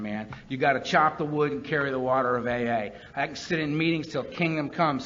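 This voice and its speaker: A man with a fairly high, forceful voice tells his story to a meeting. He speaks earnestly and repeats key lines for emphasis. The meeting recording sounds muffled and lo-fi. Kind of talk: personal testimony talk. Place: meeting hall with a live audience. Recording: dull lo-fi meeting recording with faint background hiss.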